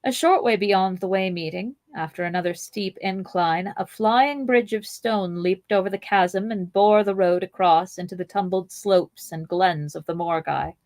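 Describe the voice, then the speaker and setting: A woman hosting a podcast, reading a novel aloud in a measured, expressive way with playful asides. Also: mid-range voice, no room sound.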